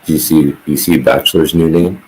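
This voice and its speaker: A man's voice: very deep voice, steady tone, brisk, darkish tone, low-quality recording. A man in a casual voice chat, amused and teasing.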